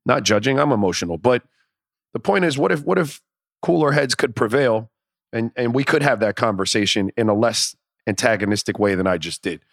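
A man co-hosting a casual sports podcast, talking in animated, profane riffs and acting out imagined inner dialogue. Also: mid-range voice, a little fast, creaky, no echo, studio quality. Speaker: podcast co-host.

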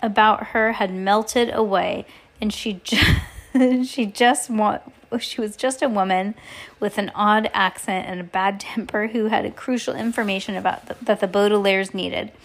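A woman's voice: mid-range voice, steady tone, unhurried. A woman casually reading a novel aloud, often stumbling over words and giggling at the text. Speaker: reader.

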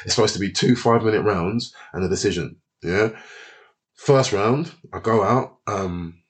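Over a noisy background, a man with a lowish voice speaks at normal speed about fights he's been in, chatting casually. He's energetic, cusses a lot, and does impressions of the people in his stories.

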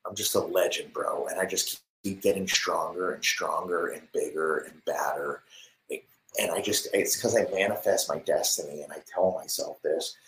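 A man with a deep, low voice streams from his home office on a desk mic. He boasts and swears in a loose, rambling way, punching some lines out loudly and muttering others almost in a whisper. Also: steady tone, normal speed, slight background noise, low-quality recording. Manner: brash and boastful, swearing, swings between loud ranting and hushed whispering. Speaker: live streamer. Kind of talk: rambling hyped-up monologue.

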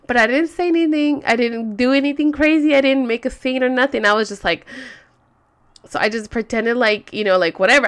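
A young woman telling a personal story in casual, animated talk, swearing freely and acting out quotes. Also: mid-range voice.

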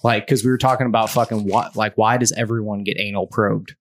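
A man's voice: fairly low pitch, steady tone, fairly quick, slight background noise. A man guesting on a podcast, rambling through stories with lots of fillers and swearing. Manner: rambling, filler-heavy, profane. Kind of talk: casual chat.

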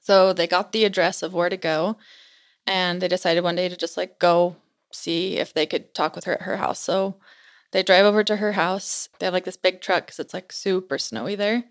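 A woman's voice: on the low side, fairly even intonation, moderate pace. A young woman casually telling a spooky story to a friend, chatty and full of "like" fillers.

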